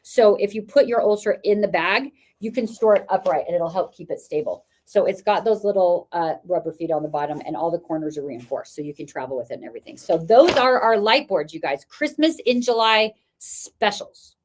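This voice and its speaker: Hosting a live product-demo sale stream, a woman talks fast and chatty with barely a pause, her fairly low voice lively in intonation. She's enthusiastic and full of fillers, though her voice is giving out.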